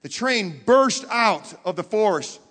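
Dramatic high-voiced preacher in a reverberant hall. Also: male voice, animated, unhurried. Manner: dramatic storytelling, swings from hushed to loud; talks directly to the audience with questions. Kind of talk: sermon.

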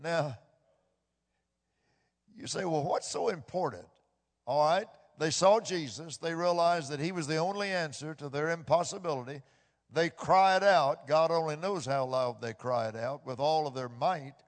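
A man preaching a sermon with impassioned delivery, swinging from hushed tones to loud bursts and repeating phrases for emphasis. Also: on the high side, measured pace. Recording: long hall reverb.

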